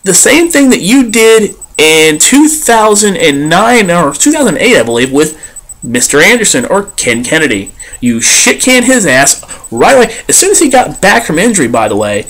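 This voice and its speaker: A man's voice: high voice, very animated, moderate pace, fairly bright tone. A man ranting bluntly and profanely as a vlogger. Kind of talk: ranting commentary.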